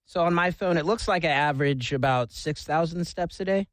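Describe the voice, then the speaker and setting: A man's voice: a little high, fairly quick, dry recording. A man co-hosting a radio show, chatting casually and laughing easily. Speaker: radio co-host. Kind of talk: casual banter.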